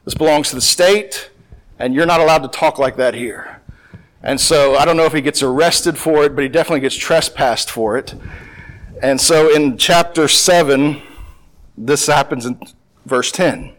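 A man's voice: a little high, normal speed, a bit bright. A man teaching a Bible sermon in a conversational way, reading verses and retelling them in plain, repetitive everyday speech. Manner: conversational, paraphrasing scripture in plain talk with repetitions. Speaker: preacher.

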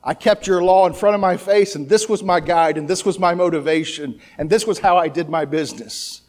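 A man with a high-pitched voice teaches from scripture in a loose, conversational sermon. He restarts his sentences often and throws out rhetorical questions as he works through each verse. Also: fairly quick, darkish tone. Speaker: preacher.

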